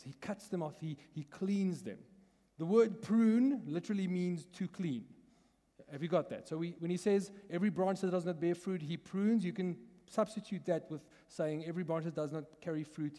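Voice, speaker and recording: Pastor, male, South African accent, mellow voice, chatty teaching tone, church hall with long reverb. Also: fairly high pitch, moderate pace. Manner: conversational teaching, asks the congregation questions, laughs often. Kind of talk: sermon.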